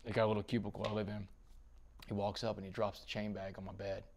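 A man's voice: fairly low pitch, quick pace. A man from Texas, a podcast guest telling a dramatic story in an interview. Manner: dramatic storytelling, rising to excited bursts.

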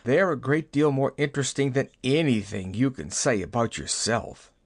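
A man's voice: medium pitch, normal speed, close to an everyday voice. Man playing a mopey rabbit king, mournful, complaining, storybook voice. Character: gloomy, self-pitying male rabbit king.

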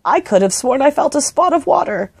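A woman's voice: high voice, sing-song, brisk, creaky, no echo, pitched above the performer's own voice, full character voice. A woman voicing a grumpy, puzzled middle-aged father in a storybook reading. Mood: grumbly.

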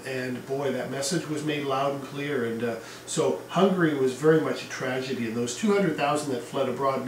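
A man's voice: medium pitch, a little hiss or hum. A man giving a casual history lecture to a class, talking in a conversational way with asides and fillers. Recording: echoey room, mic at a distance.

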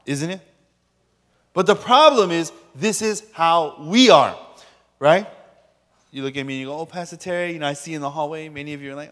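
A man's voice: on the high side, expressive, normal speed, pauses often, a bit bright. A man preaching as a pastor, joking with the audience and acting out quoted voices. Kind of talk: sermon. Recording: long reverb of a large hall.

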